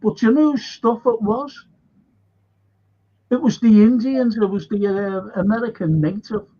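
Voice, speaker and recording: A man with a Liverpool accent tells history stories in a chatty, wandering way. He often breaks into little acted-out voices for the people in his tales. His voice sits high and a little husky, and it comes through muffled, lo-fi livestream audio. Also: measured pace. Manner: rambling anecdotes, acts out quoted voices. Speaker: local historian. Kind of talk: livestream storytelling chat.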